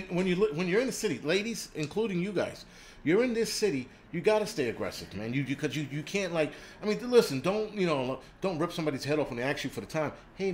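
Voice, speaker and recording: A man's voice: fairly high pitch, slight background noise. A man hosting a prepping channel, ranting on a livestream and swearing constantly in a crude, combative way. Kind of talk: profane livestream rant. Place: indoors in a city.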